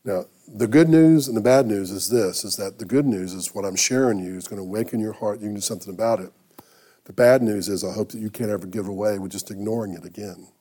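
The male pastor's sermon unfolds through a personal story, delivered in a fairly low, husky voice that is still mellow and warm. He talks in a conversational way, pausing often and restarting sentences.

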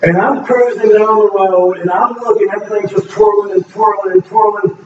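A man's voice: sits high, fairly even intonation, moderate pace. A middle-aged man giving an earnest, rambling testimony to a congregation, speaking emotionally with frequent restarts. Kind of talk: casual spoken testimony to a congregation. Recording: echoey room, distant mic, dull and noisy.

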